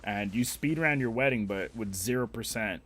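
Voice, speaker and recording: A man's voice: lowish voice, moderate pace, a bit bright. A young man streaming a game, chatting casually with viewers in a rambling, profane, opinionated way. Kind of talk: casual live-stream chat while gaming.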